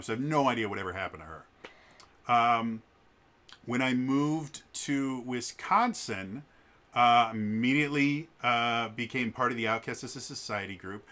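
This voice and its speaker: A vlogger in his thirties, with a mid-range voice and a sharp tone, tells a personal story casually and hesitantly, stammering and restarting often.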